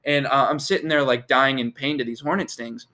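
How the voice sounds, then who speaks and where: A man's voice: mid-range voice, fairly even intonation, a little fast, bright, forceful tone. A young man telling a rambling story in casual chat, full of fillers and swearing.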